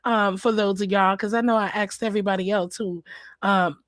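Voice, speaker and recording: A woman hosting a casual livestream, hoarse and apologizing for her voice, greeting viewers by name in a chatty, familiar way. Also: medium pitch, steady tone, moderate pace, dry recording, studio quality. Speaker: livestream host.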